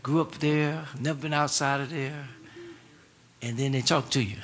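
A man's voice: medium pitch, steady tone, moderate pace, a bit bright, slight background noise. A man preaching a sermon in a casual, colloquial way, repeating his words and prompting the congregation to answer back. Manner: repetitive, call-and-response prompts to the congregation.

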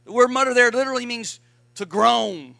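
A high-pitched man preaches with a forceful, bright voice, calling his congregation to answer back. His voice is close and dry, with no room echo. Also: a little fast, gravelly. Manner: emphatic preaching with call-and-response to the congregation. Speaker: pastor. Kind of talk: sermon.

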